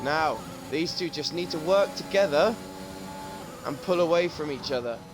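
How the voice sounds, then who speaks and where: A man's voice: on the high side, normal speed, noisy background. A man commentating a sim racing league, joking and swearing as he talks. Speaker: race commentator.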